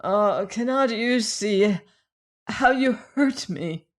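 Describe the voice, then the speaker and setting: A woman's voice: mid-range voice, takes it slowly, darkish tone, lightly acted. A woman reader voicing a proud, heartbroken young woman in an audiobook. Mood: faint. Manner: pleading, then fiercely proud. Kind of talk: audiobook character reading.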